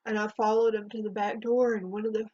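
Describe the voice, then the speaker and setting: A woman telling a painful personal story in a halting, emotional way, her voice trembling near tears, in a dull lo-fi home recording. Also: mid-range voice, level tone, noisy background. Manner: halting, emotional, with restarts and long pauses. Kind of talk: personal spoken testimony.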